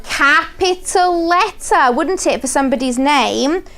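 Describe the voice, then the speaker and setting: High-voiced southern English woman teacher. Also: expressive, a bit bright, slight background noise. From southern England. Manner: clear, encouraging, sounds out words slowly. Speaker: phonics teacher. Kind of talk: classroom phonics teaching. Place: primary school classroom.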